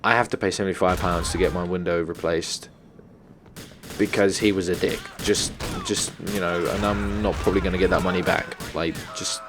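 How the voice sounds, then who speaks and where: A man's voice: low-pitched, steady tone, normal speed, over music. A man ranting and swearing as he tells a story while playing a video game. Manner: annoyed, swearing, rambling. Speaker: gaming channel host. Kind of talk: storytime rant over gameplay. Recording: game gunfire noise behind voice. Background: game gunfire and explosions.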